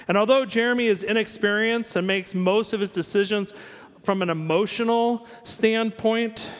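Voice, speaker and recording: A pastor with a notably high voice preaches in a church, his words trailing off into a long hall reverb. He tells stories conversationally and drops in dry little jokes. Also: fairly bright tone, clear, resonant tone. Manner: conversational storytelling with asides and small jokes. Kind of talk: sermon.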